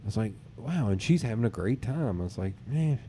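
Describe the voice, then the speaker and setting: A man's voice: medium pitch, a little fast, slight background noise. A man hosting a podcast, telling personal dating stories in casual chat, acting out what others said and swearing casually. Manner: animated storyteller who acts out others' lines, swears casually. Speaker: podcast host.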